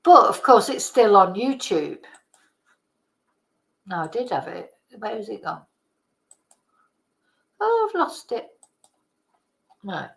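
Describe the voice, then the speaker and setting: A woman's voice: mid-range voice, very animated, slow, vocal fry, long pauses, poor audio. A woman hosting a casual chat, rambling and exclaiming as she reacts to old videos. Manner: chatty, rambling, exclaiming in disgust. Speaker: channel host.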